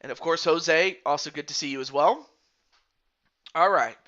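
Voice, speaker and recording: A man's voice: on the high side, moderate pace, fairly bright tone, highs cut off. A man streaming and commentating a football video game league, casually rambling and greeting viewers by name.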